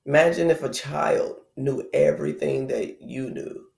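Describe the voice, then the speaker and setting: Gravelly man musing in an echoey room. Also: fairly high pitch, unhurried, a little mellow. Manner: rambling, conversational, reflective. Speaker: spiritual vlogger. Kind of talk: casual spiritual talk.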